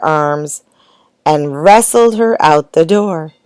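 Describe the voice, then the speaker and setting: Woman storyteller, picture-book read-aloud, unhurried and expressive, low pitch. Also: clear, resonant tone, no echo. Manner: slow, gentle, expressive. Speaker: storybook reader.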